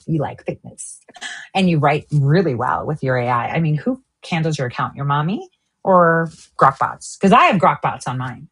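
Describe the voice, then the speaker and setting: A woman with a low, husky voice hosts her own streamed show. She rants in a heated, profane way and jumps between topics. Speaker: online show host. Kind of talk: angry political rant.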